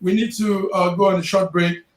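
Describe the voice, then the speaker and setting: A man's voice: sits high, little pitch movement, normal speed, roomy sound. A man hosting a live TV talk show, who talks in a hesitant way with stammering restarts.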